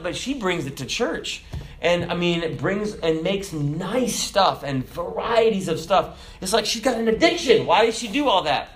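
A middle-aged man preaching a sermon as a pastor, telling stories and jumping from loud, high bursts to soft, low asides. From America. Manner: animated storytelling preacher, jumps loud and high then drops soft.

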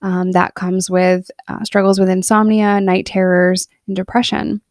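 A woman's voice: mid-range voice, little pitch movement, a little slow, dry recording, clean studio sound. A woman in her thirties telling her personal story in a candid, earnest monologue, emotional in places. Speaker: podcast storyteller.

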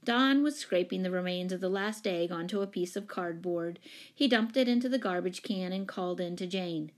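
A woman narrating a children's story in a calm, even reading voice. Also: lowish voice, normal speed.

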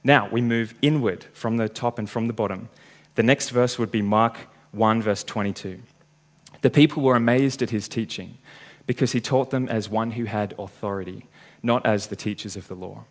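A man's voice: on the low side, moderate pace. A man preaching a sermon, working through a passage step by step and reading the scripture aloud.

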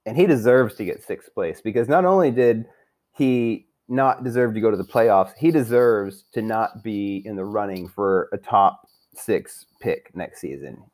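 A man's voice: on the low side, measured pace, darkish tone. A young man rambling through a crude, profane fantasy football season recap, trash-talking his friends while drinking. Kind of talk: profane casual rant.

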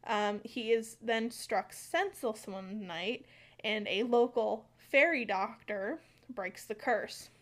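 A woman's voice: on the high side, slow pace. An American woman co-hosting a podcast, chatting casually about folklore with lots of fillers and some stumbling. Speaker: podcast co-host.

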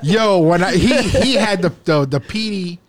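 New dude on a podcast, kinda high voice, swings all over, cussing and laughing. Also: male voice, lively intonation, measured pace, over a noisy crowd. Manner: loud, profane storytelling with frequent laughter. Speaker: podcast co-host. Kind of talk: casual podcast banter.

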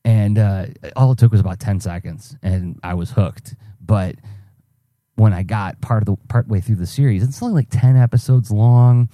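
Guy hosting his own podcast, low dark mellow voice, rambly storyteller, lots of ums. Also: normal speed, no room sound, clean studio sound. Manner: rambling, storytelling with many fillers and restarts. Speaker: podcast host. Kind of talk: casual solo podcast monologue.

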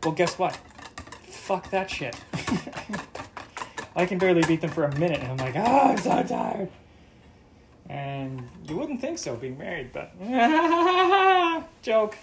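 A man's voice: high-pitched, sing-song, takes it slowly, pauses often, fairly bright tone, slight background noise. A man from Canada hosting a casual solo podcast, rambling and joking with plenty of swearing while he cooks breakfast. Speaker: podcast host. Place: home kitchen, cooking breakfast. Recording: kitchen clatter of dishes and cutlery.

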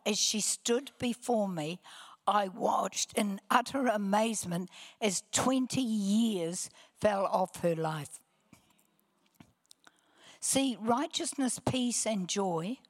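Older kiwi lady preaching, earnest storytelling, goes soft and hushed, takes her time. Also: mid-range voice, slow, pauses often, big-room sound. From New Zealand. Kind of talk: testimony sermon.

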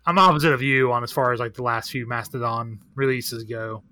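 A man's voice: mid-range voice, steady tone, brisk, pushed and bright, no room sound. A man talking as a podcast guest in a candid, rambling, profane casual chat full of fillers. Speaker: guest, record shop owner.

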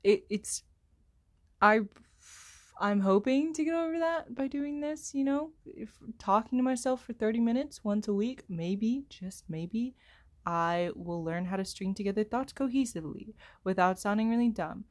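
A young woman rambling alone into a headphone microphone, self-deprecating and apologetic, with many filler words and slow pauses while she searches for words. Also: fairly high pitch. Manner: speaks slowly, pauses to find words. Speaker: solo podcaster. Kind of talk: rambling solo chat.

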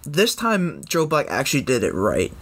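A young man co-hosting a casual sports chat, telling stories in an animated way with frequent laughs. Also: mid-range voice, moderate pace, a little hiss or hum. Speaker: podcast co-host.

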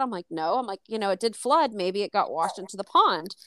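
A woman co-hosting a casual podcast, telling a story with lively acted-out quotes and plenty of swearing. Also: mid-range voice, a little fast. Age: adult. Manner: animated, acts out quoted dialogue, swears freely. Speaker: podcast co-host.

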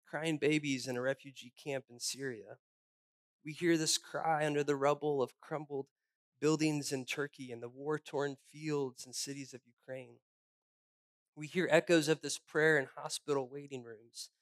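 A man's voice: mid-range voice, steady tone, moderate pace. Man preaching a reflective sermon. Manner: storytelling, reflective, with hushed solemn passages. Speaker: pastor. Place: church.

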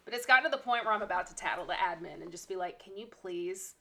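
Woman co-host; bright, animated teacher who vents. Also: on the low side, racing, creaky. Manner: animated venting, acting out quotes. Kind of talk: casual chat.

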